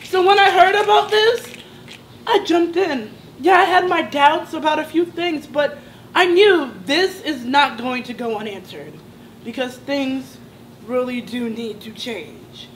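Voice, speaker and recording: A young college woman speaks at a student sit-in, telling her own story with passion and rising indignation. Her voice sits high, and it builds from quiet, hurt moments into heated outbursts. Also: a little slow, slight background noise, poor audio. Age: young adult. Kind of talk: personal testimony at a student sit-in.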